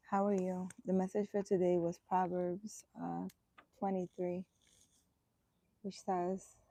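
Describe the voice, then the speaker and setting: Casual outdoor live chat: woman healer, gravelly dark tone, throat irritated, replies to viewers at an easy pace. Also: fairly low pitch, dry recording. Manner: answers viewer comments aloud, relaxed and unhurried. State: irritated throat, voice keeps catching. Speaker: energy healer. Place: outdoors in the sun, birds around.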